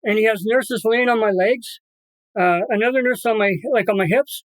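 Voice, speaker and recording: A man's voice: high voice, moderate pace, dry recording, low-quality recording. A man guesting on an interview podcast, telling a personal story emphatically and acting out what others said. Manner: vivid storyteller who acts out what others said; emphatic, repeats words for stress.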